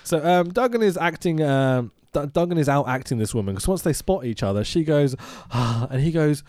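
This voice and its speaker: A man's voice: fairly high pitch, expressive, fairly quick, a little mellow, no echo, studio quality. A man co-hosting a casual film review podcast, sweary and sarcastic, often mock-quoting the characters. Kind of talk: casual chat.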